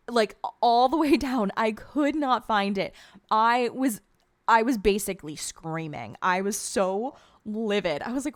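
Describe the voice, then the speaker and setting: A woman's voice: fairly high pitch, dry recording. Chatty young woman, dry close voice. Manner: chatty and rambling, animated storytelling. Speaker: gaming video creator. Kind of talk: casual voice-over commentary.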